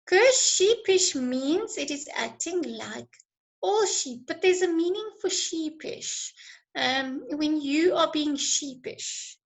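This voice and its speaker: A woman teacher giving an online lesson, encouraging and praising students, her voice going a little hoarse from talking a lot. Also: high voice, animated, slow pace, poor audio. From South Africa. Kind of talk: online lesson with live chat.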